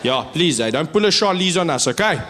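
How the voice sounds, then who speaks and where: A man's voice: fairly high pitch, expressive, brisk, background noise, lightly acted. A man doing a pleading South African well-wisher. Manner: pleading, insistent, tag questions. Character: pushy friendly male well-wisher.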